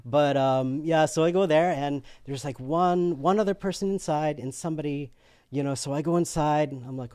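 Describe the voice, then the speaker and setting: Man, interview guest; animated storyteller with a slightly high voice, recorded dry. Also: moderate pace, smooth, dry recording. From United States. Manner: animated, acts out voices in his story, laughs often.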